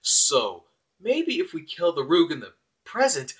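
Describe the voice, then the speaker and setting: A man voicing a young woman who lays out a plan in quick, explanatory reasoning, close to his own voice. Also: a little high, huge pitch swings, fairly bright tone, breathy edge, voice pushed up, full character voice.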